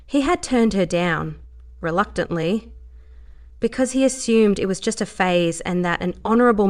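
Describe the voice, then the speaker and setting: A woman reads a story aloud at an even, measured pace. Her voice sits a little lower than usual for a woman. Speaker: narrator.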